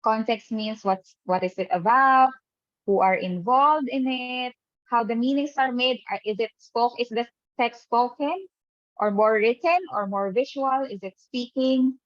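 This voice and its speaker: A woman's voice: on the high side, a little slow, fairly bright tone, no echo. A woman teacher running an online lesson who keeps checking in with the class by asking "right?". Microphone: webcam mic on a video call. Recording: dull, dry video-call audio.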